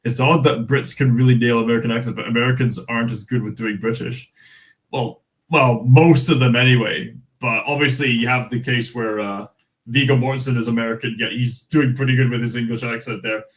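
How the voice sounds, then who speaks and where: A young Scottish man hosting a casual livestream, halting and full of fillers, answering chat comments and reading from a magazine. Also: mid-range voice, fairly even intonation, low-quality recording. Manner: rambling, halting, with many fillers and restarts. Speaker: livestream host.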